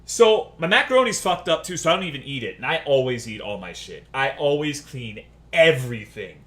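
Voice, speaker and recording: A man's voice: medium pitch, expressive, a little fast, a bit bright. A man streaming, telling a story as a casual rant, profane, sarcastic and exasperated.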